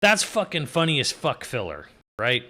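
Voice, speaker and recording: A man's voice: mid-range voice, huge pitch swings, moderate pace, bright, forceful tone. A young adult man giving a casual, exasperated review, swearing freely and laughing as he rambles. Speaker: video reviewer. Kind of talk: casual rant.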